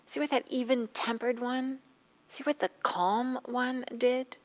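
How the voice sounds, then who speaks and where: A woman's voice: fairly high pitch, steady tone, unhurried, voice pushed up, lightly acted. A woman voicing a meek young maid who answers timidly and stammers, as part of a dharma talk. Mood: indignant.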